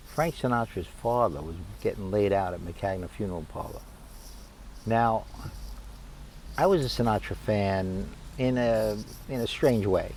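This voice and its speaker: A man, telling a funny personal story in a lively, salty, conversational way. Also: lowish voice, a little hiss or hum, low-quality recording. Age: 60s. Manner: animated, conversational, profane.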